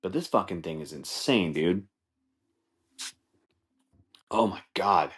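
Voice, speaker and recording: Male podcast host, very low voice, loose profane comic rambler who acts out bits. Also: expressive, slow pace, a bit bright, husky. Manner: rambling, profane, laughs often, acts out scenes. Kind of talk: casual comedic monologue.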